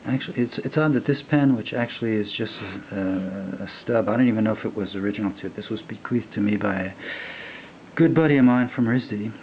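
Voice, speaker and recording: A man in his fifties casually reviewing a fountain pen, talking in a halting, rambling way with lots of fillers and trailing off as he writes. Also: lowish voice, lo-fi sound, a little hiss or hum. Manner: rambling, halting, many fillers, drifts to a mutter while writing. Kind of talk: casual unboxing and writing test.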